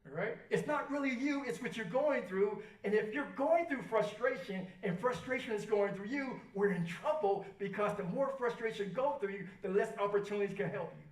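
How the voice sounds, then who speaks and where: A woman's voice: medium pitch, moderate pace, few pauses. Woman, rally speaker, repetitive coaching talk, distant mic, echoey room. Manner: repetitive, coaching, has the crowd repeat lines. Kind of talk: motivational talk to an audience. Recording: echoey hall, voice far from the mic.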